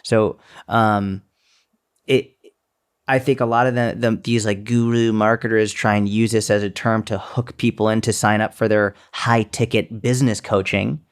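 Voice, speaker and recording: A man's voice: on the low side, level tone, moderate pace, smooth. A man co-hosting a podcast in casual chat, blunt and profane, mocking people with put-on quotes. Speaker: podcast co-host. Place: seminar speaker, fitness business coach.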